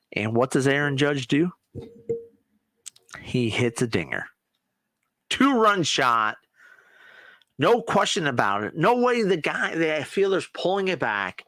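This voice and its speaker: A man hosting a podcast, chatting casually and excitably about sports and swearing now and then. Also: fairly high pitch, dry recording. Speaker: podcast host. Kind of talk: casual solo chat.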